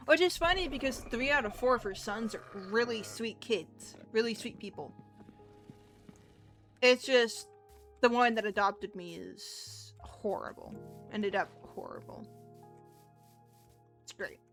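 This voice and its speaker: A woman's voice: medium pitch, a bit bright. A young woman livestreamer talking candidly in casual chat, rambling with frequent restarts.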